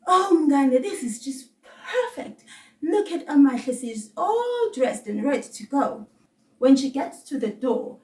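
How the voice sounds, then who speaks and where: A woman with a South African accent teaching a children's language lesson, encouraging and patient, saying words slowly for kids to repeat. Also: high voice, darkish tone, reverberant, far from the mic.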